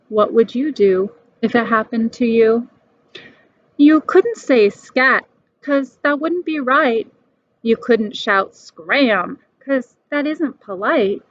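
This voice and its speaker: A woman reading a rhyming storybook aloud in a lively, animated way. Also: on the high side, no room sound. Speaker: storybook reader. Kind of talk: expressive storybook read-aloud. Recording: dull dry recording.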